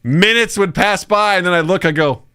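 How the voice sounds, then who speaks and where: Forties male podcast co-host, bright tone, animated storyteller. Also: sits high, moderate pace, clean tone, dry recording, studio quality. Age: 40s. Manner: animated storyteller who acts out quotes loudly and laughs often. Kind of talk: casual chat, storytelling.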